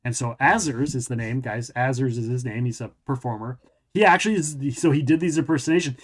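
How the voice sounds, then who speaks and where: A podcast host and tabletop game master talks at a quick clip in a mid-range voice. During a casual interview, he tells a long, looping, rambling story.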